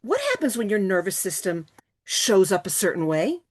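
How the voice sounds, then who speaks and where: A woman presenting a motivational talk to a virtual retreat, animated and coaxing her listeners with questions, speaking over a video call. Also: medium pitch, moderate pace.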